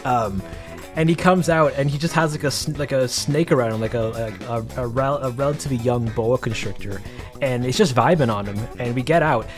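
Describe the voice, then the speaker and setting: Man, casual dev vlog, rambling storyteller, many restarts, middle pitch, faint music behind. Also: brisk. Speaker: game developer showing his work.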